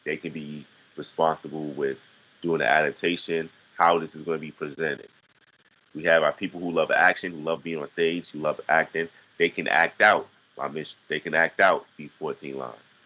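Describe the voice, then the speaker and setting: A man talking casually about teaching verse, halting with frequent restarts and repeated words. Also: a bass voice, steady tone, bright, forceful tone, low-quality recording. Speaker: guest teaching artist. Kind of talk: casual conversational teaching talk.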